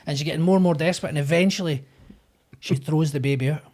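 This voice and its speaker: Fast-talking Scottish man telling stories. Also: on the high side. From Scotland. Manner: animated anecdote-telling, acts out quoted voices, swears freely. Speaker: podcast guest, actor. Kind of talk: casual storytelling.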